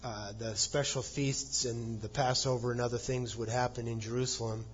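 A man's voice: medium pitch, darkish tone, lo-fi sound, slight background noise. A man preaching a sermon, explaining scripture conversationally and acting out quoted lines with a chuckle. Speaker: pastor.

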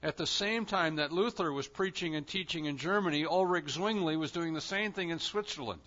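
A man preaching a sermon as pastor, in an emphatic style with sudden loud swells. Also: on the high side, brisk, muffled recording.

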